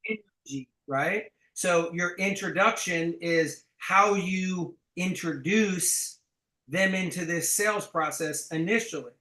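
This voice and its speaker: A man with a high, bright and sharp voice coaches a sales team. He talks bluntly and emphatically and swears casually. The room sounds roomy and echoing. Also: slow.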